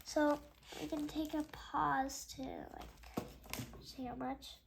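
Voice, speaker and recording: A woman reading a children's chapter book aloud, slowly and carefully, with small slips and chatty asides between passages. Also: sits high, level tone, creaky, very noisy. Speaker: read-aloud host.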